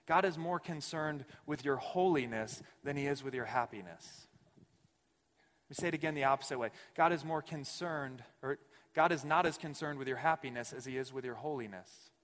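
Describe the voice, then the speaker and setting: In a reverberant church sanctuary, a pastor delivers a sermon in a fairly high, fairly bright voice. His preaching is conversational but rises into emphatic declarations.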